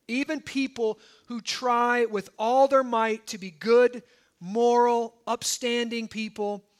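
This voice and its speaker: A man in his thirties preaching a sermon in a church, telling personal stories in an animated way and often asking "okay?". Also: very high voice. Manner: animated storytelling, asides like "okay?". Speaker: pastor.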